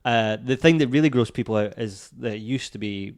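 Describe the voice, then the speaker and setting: A man's voice: mid-range voice, brisk, a little mellow, no echo, clean studio sound. A Scottish man chatting casually as a podcast guest, laid-back and self-deprecating. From Scotland. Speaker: comedian guest.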